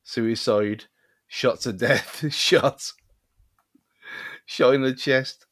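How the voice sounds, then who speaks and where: A man's voice: mid-range voice, drawn-out words, a bit bright, dry recording, studio quality. Laughing man chatting on a podcast. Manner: laughs often, hesitant, lots of "I mean". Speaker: podcast co-host. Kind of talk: casual chat.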